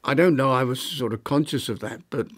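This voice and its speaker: Speaking at a medium pitch, a retired London architect in his nineties reminisces during an interview. His reflective answers come haltingly, full of fillers and restarts.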